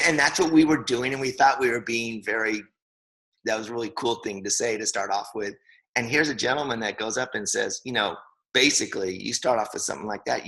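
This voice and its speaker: A man's voice: mid-range voice, gravelly, pushed and bright, low-quality recording. A man in his fifties giving a casual, enthusiastic training talk, rambling with restarts. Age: 50s. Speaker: co-host.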